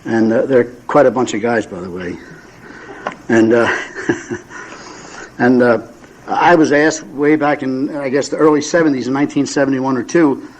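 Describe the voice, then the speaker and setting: A man's voice: medium pitch, poor audio. A man in his seventies telling humorous personal stories to an audience at a recovery meeting, folksy and self-mocking, with frequent fillers and restarts. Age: 70s.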